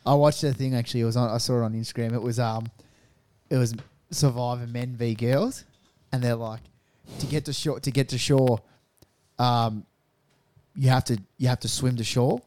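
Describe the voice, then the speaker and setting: Man, casual podcast chat, swears a lot, acts out quotes, average pitch. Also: normal speed. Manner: swears freely, acts out quotes in animated storytelling. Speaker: podcast co-host.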